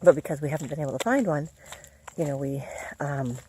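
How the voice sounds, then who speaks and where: A woman's voice: deep voice, a little fast, mellow, a little hiss or hum. A middle-aged woman vlogging in a chatty, encouraging way, laughing often as she talks. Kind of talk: casual motivational vlog.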